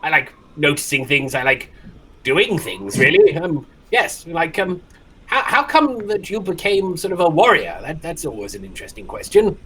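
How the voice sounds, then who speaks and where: A man's voice: a little high, sing-song, moderate pace, pushed and bright, slightly rough, full character voice. A man voicing an eccentric, curious tabaxi scholar who rambles and stammers with fussy enthusiasm. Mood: chatty.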